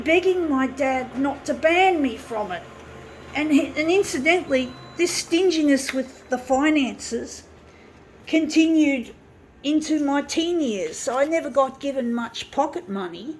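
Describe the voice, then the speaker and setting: A woman with a high voice talks straight to her viewers in a casual monologue. She is blunt and profane, with a bitter, aggrieved edge, and she rambles through many false starts. A faint hum of room noise sits behind her. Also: animated, measured pace. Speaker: vlogger talking to viewers.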